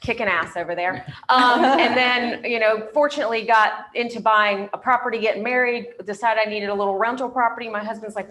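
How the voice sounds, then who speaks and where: A woman's voice: on the high side, steady tone, fairly quick, few pauses, a bit bright, a little hiss or hum. A woman real estate agent from North Carolina telling her own story on a panel, candid and chatty, with frequent ums.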